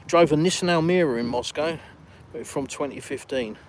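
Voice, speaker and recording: A man's voice: fairly high pitch, normal speed, slight background noise. Older Englishman chatting on a live walkabout. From England. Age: retired. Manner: relaxed, chatty, reads comments aloud then answers. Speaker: live stream host. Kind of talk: casual live stream chat, reading viewer comments. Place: outdoors in a village, walking.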